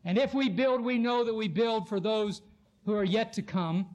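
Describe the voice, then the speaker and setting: A man delivers a sermon in an impassioned, oratorical style, slowing down dramatically to stress key lines. His voice sits high and is a little mellow.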